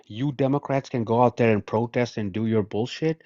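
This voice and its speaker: A man's voice: mid-range voice, moderate pace, dark tone, no room sound, dull audio. A man calling in to a political live stream, arguing insistently and swearing. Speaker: caller. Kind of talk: heated political call-in argument.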